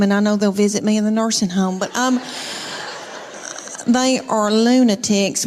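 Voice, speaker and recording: A woman, telling folksy, self-mocking stand-up stories. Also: mid-range voice. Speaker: stand-up comedian. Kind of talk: stand-up storytelling.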